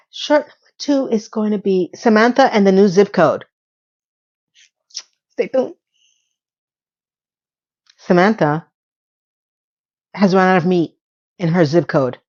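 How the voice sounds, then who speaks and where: A woman's voice: mid-range voice, darkish tone, dull audio. Chatty, sarcastic woman recapping a show. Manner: chatty and sarcastic, acts out characters' lines. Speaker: commentator recapping a TV episode. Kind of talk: casual recap commentary.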